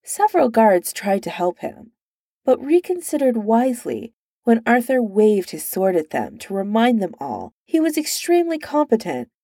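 A woman narrating a story aloud in an unhurried, steady storytelling manner. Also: on the high side, no room sound, studio quality. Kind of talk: reading fan fiction aloud.

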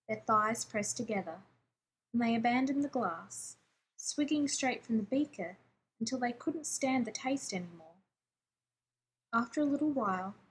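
A woman reading fiction aloud in a steady, even narrating voice. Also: a little high, slight background noise.

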